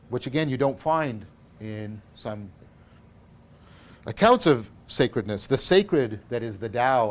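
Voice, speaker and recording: A man giving a philosophy lecture, thinking aloud, correcting himself often and tagging points with "right?", his loudness swinging between emphatic and hushed. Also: on the low side, a little hiss or hum.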